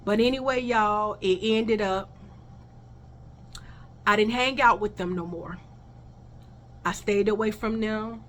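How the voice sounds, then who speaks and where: A woman's voice: medium pitch, slow pace, long pauses, a bit bright. A woman telling a personal story in a casual vlog, blunt and heated, swearing freely and talking straight to her viewers.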